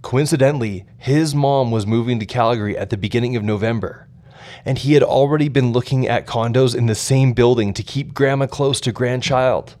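An earnest young man narrates his memoir with reflective sincerity. His voice sits at a middle pitch, plain and unhurried. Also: darkish tone.

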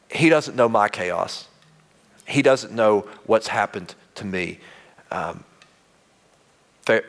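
A man, preaching a conversational sermon, earnest, with frequent restarts and drops to quiet intensity. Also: sits low. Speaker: pastor.

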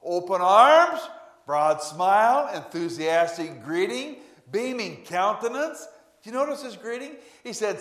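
A male pastor delivering a sermon in a church, preaching emphatically with sudden loud swells. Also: high voice, sing-song, measured pace. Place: church sanctuary. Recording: echoey church room.

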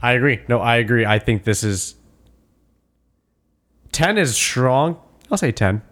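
Animated, swearing man, mid-range voice. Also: medium pitch. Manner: animated and swearing, quick to agree. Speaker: podcast co-host. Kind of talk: casual film review chat.

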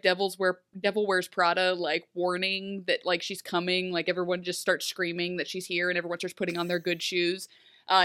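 A woman co-hosting a casual chat, animated and quick to laugh, often dropping into little character voices. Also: mid-range voice, clear, resonant tone. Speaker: podcast co-host recapping a TV episode.

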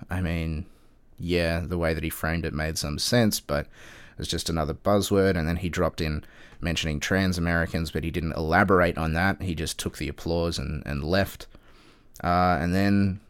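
A man with a very low, resonant voice talks through political events in a casual, sarcastic way. He swears often and hesitates with many fillers. The sound is dry and close. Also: clean tone, dry recording. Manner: wry, sarcastic and profane, lots of fillers. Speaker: political commentator.

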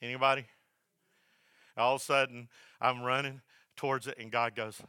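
A male pastor preaching a sermon, swinging from loud, repeated emphasis down to a soft hush. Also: medium pitch, little pitch movement, normal speed, pauses often, clean tone, no echo. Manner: builds to loud emphatic repetition, then drops to a soft hush.

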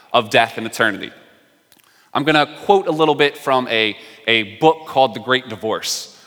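Bright-voiced pastor preaching in a hall. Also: male voice, medium pitch. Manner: conversational, explanatory preaching with asides. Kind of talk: sermon.

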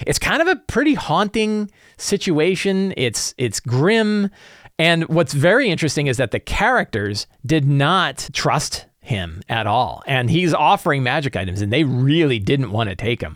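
A man casually sharing advice as a tabletop game master, animated and acting out his players' reactions. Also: mid-range voice, moderate pace, no room sound, studio quality. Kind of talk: casual tips talk.

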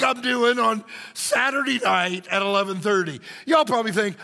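A man pastor, telling an animated, joking story in a sermon. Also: high-pitched, normal speed, creaky, hardly any pauses, long reverb tail. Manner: animated, jokey, acts out shouting crowds.

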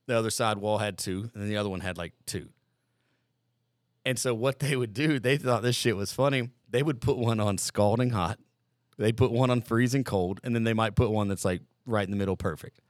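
A man's voice: lowish voice, dry recording, studio quality. A man telling boot camp stories in casual, rambling, profane podcast chat. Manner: rambling, laid-back, profane. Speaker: podcast guest, former Marine recruit. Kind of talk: casual storytelling.

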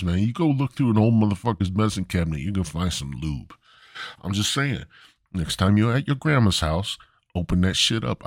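A man's voice: low-pitched, dry recording, studio quality. A man hosting a podcast, ranting crudely and rambling in a stand-up style. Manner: profane, rambling, swooping delivery. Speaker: podcast host.

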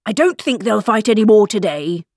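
A woman playing a fussy old storybook king, impatient and bossy, his voice lifted high and swinging about. The reading sounds close and dry. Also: animated, moderate pace, a little mellow, dry recording. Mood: commanding. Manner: impatient, commanding.

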